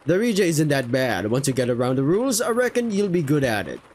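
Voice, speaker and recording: A man's voice: a little high, big pitch swings, fast, slight background noise. Boastful chatty falcon sailor guy, a man reading him out, friendly show-off.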